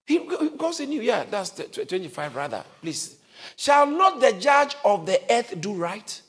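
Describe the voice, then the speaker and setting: A man preaching a sermon who often shouts and calls on the congregation to answer him, with listeners heard in the church. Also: sits high, sing-song, unhurried.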